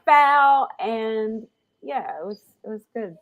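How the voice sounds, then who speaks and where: Woman co-hosting a sports podcast, higher voice, blunt and teasing, says what she thinks. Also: expressive, takes it slowly, phone-quality sound. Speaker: podcast co-host. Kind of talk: casual sports chat.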